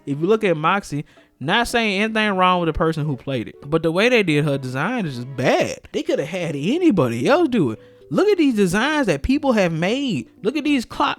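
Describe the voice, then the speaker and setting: A young man rants casually about a movie he dislikes, his voice a little high and swinging all over as he gets worked up. He laughs often and circles back on his own points in exasperation. Faint music plays quietly underneath. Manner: animated, exasperated, laughing often, repeats himself. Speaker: gaming video host. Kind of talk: casual opinion rant.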